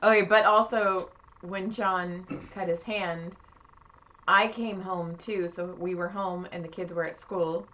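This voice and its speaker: A middle-aged woman co-hosting a podcast, telling stories in a casual, animated way and swearing freely. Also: lowish voice, slow pace, a little hiss or hum. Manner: animated, swears freely, acts out quoted voices. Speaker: podcast co-host. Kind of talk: casual storytelling chat. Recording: muffled lo-fi podcast audio.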